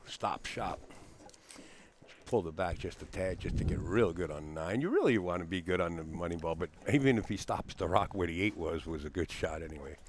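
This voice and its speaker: Deep-voiced joking pool commentator. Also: male voice, lively intonation, a little fast, noisy background. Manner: jokey, laughs often, folksy. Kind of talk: live commentary with banter. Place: commentary booth at a pool hall.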